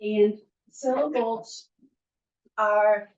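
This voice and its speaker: A woman teacher presenting to parents at a school workshop, who slowly sounds out syllables to demonstrate. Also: mid-range voice, fairly even intonation, darkish tone. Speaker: first grade teacher. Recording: muffled, distant, echoey room.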